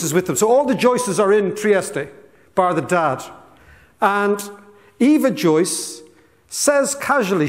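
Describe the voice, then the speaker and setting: Irish man telling a story in a hall. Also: high voice. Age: 50s. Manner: lively storyteller, asides to audience. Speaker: speaker. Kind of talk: storytelling talk. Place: school hall on stage.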